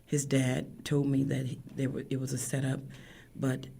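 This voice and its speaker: A woman in her fifties, a grieving mother, tells her story emotionally, her voice cracking and often falling to a hushed whisper. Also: very deep voice, monotone, normal speed, gravelly, breathy edge. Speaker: guest, bereaved mother. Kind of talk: emotional personal account.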